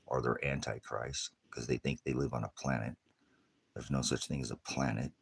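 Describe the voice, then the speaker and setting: A man's voice: rumbling low, little pitch movement, moderate pace, vocal fry, fairly bright tone, husky. A retired male pastor preaching in a rambling, combative rant that jumps from topic to topic. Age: older.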